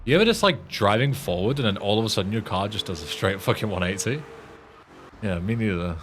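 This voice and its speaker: A man's voice: lowish voice, animated, a little fast, a bit bright, slight background noise. A young man from northern England with a northern English accent, streaming a game and bantering with chat in a dry, sarcastic, sweary way. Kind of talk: casual gameplay commentary.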